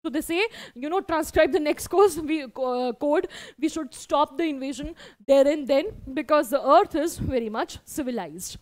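A woman's voice: high voice, normal speed. A woman teacher, explaining a story in an online class with lots of "you know" fillers. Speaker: English teacher.

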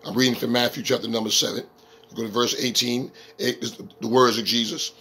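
A man preaching a sermon as a street pastor, emphatic and slowing down to read scripture verses. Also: mid-range voice, little pitch movement, bright, forceful tone, husky.

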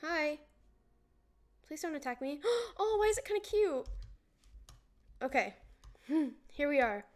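A woman's voice: high voice, animated, measured pace, long pauses. A young woman streaming a game, chatting casually and rambling while greeting her viewers. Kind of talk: casual livestream chat while gaming. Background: music playing.

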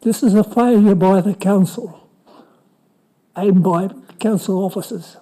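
A man asking a question as a resident at a council meeting, halting and restarting often. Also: high-pitched, mellow, low-quality recording. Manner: halting, with many restarts and fillers. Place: council chamber.

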